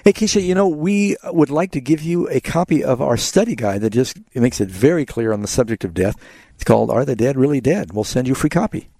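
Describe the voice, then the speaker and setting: A man's voice: mid-range voice, lively intonation, a little fast, mellow, dry recording. A man hosting a call-in radio show, earnestly explaining Bible passages to callers. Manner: earnest, explanatory, quotes scripture. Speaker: radio Bible talk host.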